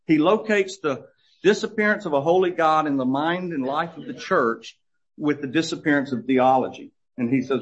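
A middle-aged man giving a conversational Bible teaching as a church teacher, telling stories with many fillers and restarts. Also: medium pitch. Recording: dull lo-fi recording.

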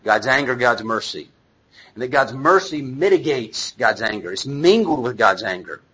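A male pastor delivers a sermon in a bright, forward voice with a husky edge. He moves between reading scripture and loose, conversational paraphrase, acting out the dialogue as he goes. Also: mid-range voice, lively intonation, moderate pace, poor audio.

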